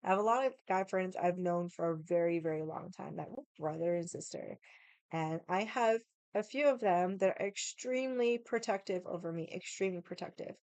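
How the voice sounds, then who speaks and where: A woman's voice: fairly low pitch, normal speed, a little mellow, clean tone, dry recording. A young woman casually telling a rambling story at home while drinking, swearing freely and wandering off on tangents. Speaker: vlogger.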